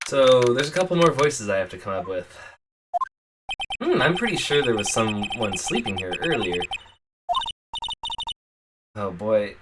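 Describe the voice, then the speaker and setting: Woman streamer, low lively voice, casual thinking aloud, loud game music behind. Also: a little slow, pauses often, background noise. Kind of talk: casual chat while gaming. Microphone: desk mic on arm. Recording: loud music, slightly distant mic.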